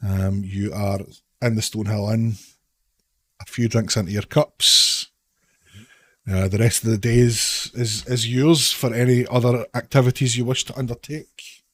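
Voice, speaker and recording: A man narrating a tabletop game as game master in a relaxed, loose way. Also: medium pitch, unhurried, dry recording. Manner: relaxed, loose, frequent fillers.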